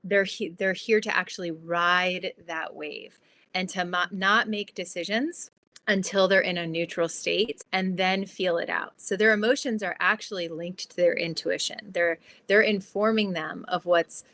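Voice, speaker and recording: Woman guest on a podcast, kinda low voice, explains stuff fast and chatty, says like a lot. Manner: animated, explanatory, fillers like "like". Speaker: guest, transformation guide. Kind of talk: casual interview explaining.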